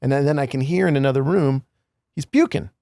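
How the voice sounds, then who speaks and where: A man's voice: mid-range voice, fast talker, creaky, mellow, dry recording, studio quality. A middle-aged man from California co-hosting a podcast, speaking in a reflective, rambling way in casual conversation. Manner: reflective, rambling, trailing phrases. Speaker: podcast co-host.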